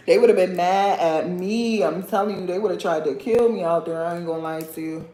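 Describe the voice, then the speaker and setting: Speaking at a moderate pace in a fairly low voice, the young woman runs a relaxed livestream chat. She's sassy and direct, laughs frequently, and addresses viewers as sir or girl, while the room gives a roomy echo.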